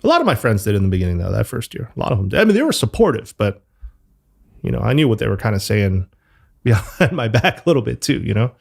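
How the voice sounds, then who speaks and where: A company founder talking loosely as an interview guest, full of fillers and the odd swear word. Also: male voice, lowish voice, sing-song, quick pace, vocal fry, husky. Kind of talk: casual interview talk.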